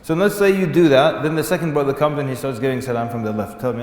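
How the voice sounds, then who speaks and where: A man's voice: mid-range voice, fast. Joking male lecturer in echoey hall. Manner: joking, animated, mimics excuses in voices. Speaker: Islamic lecturer. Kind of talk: humorous religious lecture. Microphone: venue microphone. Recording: echoey hall, faint background noise.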